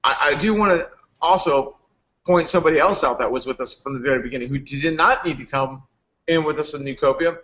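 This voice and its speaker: A man, a company founder, giving a rambling, energetic motivational talk to members on a live stream. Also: a little high, brisk.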